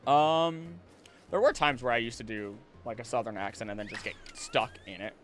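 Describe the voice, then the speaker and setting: A man streaming a game and chatting casually, rambling and animated, now and then slipping into playful voices. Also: mid-range voice, moderate pace, soft background music. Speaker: streamer and voice actor.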